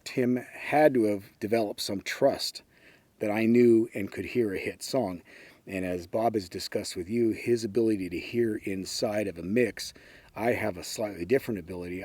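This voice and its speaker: A man's voice: lowish voice, a little mellow, husky, no room sound. A man in his sixties from San Francisco, a former record executive, telling anecdotes in an easygoing interview and often quoting others. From San Francisco, USA. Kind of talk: storytelling interview.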